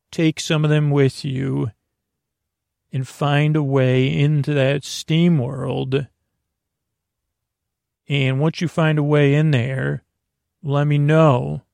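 A man's voice: a little high, creaky, a little mellow, dry recording, studio quality. A man voicing a bossy robotic villain emperor who gives curt commands in a robotic voice.

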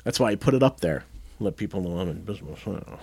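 A man co-hosting a podcast, telling a story in casual chat and acting out the quotes loudly. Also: sits low, rapid-fire, gravelly, husky. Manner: animated, acts out quotes loudly. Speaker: podcast co-host.

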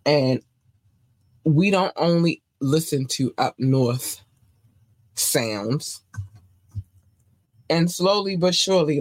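A woman's voice: low voice, no echo. A woman from hosting a casual livestream show, loose and rambling, repeating her words, chewing gum as she talks. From Baltimore, United States. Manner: chewing gum while talking. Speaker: show host.

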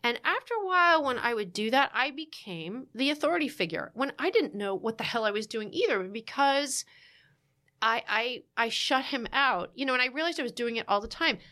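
Animated chatty woman telling a story. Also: fairly high pitch, brisk. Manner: animated, frequent restarts and fillers, laughing asides. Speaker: podcast guest. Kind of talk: candid storytelling in conversation.

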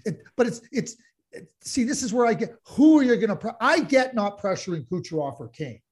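Guy on a hockey pod, high voice, gets fired up and loud. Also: a little fast, husky. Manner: animated, gets heated and loud, many restarts. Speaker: podcast co-host, hockey analyst. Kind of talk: casual sports chat.

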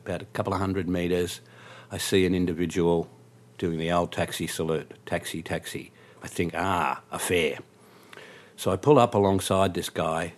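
A man with a very deep voice tells a story from his days driving taxis. His delivery is dry and wry, like easy conversation. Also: a little mellow. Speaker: taxi driver. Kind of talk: spoken anecdote storytelling.

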